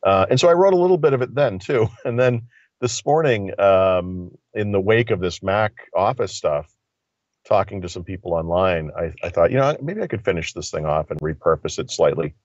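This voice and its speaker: A very deep-voiced man rambles through a casual tech chat, stopping and restarting his thoughts. He calls in over a phone, so the sound is dull and lo-fi, with a dry, close feel. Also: animated, moderate pace, darkish tone, no room sound. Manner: rambling, thinking aloud with many fillers. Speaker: tech commentator. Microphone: phone line.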